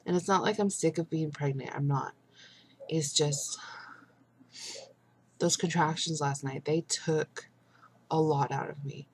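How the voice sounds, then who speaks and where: A young woman vlogging a casual video update, exhausted and frustrated, rambling with many pauses and fillers. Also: deep voice, fairly even intonation, slight background noise.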